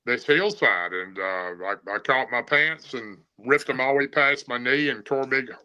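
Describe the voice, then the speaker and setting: A man's voice: mid-range voice, normal speed, sharp tone, low-quality recording. A man telling a story in a plain-spoken, rambling way, with many fillers. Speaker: guest telling an encounter story. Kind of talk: casual storytelling.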